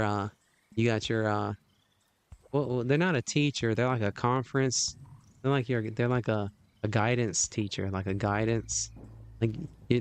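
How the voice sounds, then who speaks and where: A man's voice: mid-range voice, smooth. A man hosting a livestream, chatting casually, rambling with lots of fillers and laughs. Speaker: livestream host.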